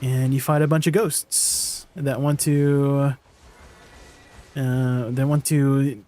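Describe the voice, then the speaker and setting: A man's voice: mid-range voice, flat delivery, slow, warm tone. A man streaming a game and chatting casually with his viewers, laughing easily as he answers their questions. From Canada. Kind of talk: casual gameplay stream chat.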